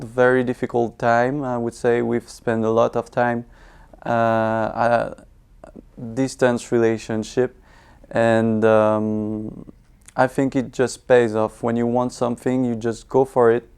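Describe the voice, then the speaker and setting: A man, the groom, speaking his wedding vows in a halting way with many pauses and fillers. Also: medium pitch, creaky, a little mellow, clean tone.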